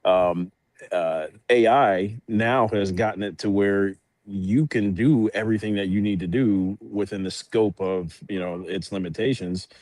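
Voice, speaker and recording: A man's voice: fairly low pitch, measured pace, a little mellow, no room sound. A man who works in aviation, talking in easygoing, thoughtful podcast chat. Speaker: podcast guest, works in air traffic.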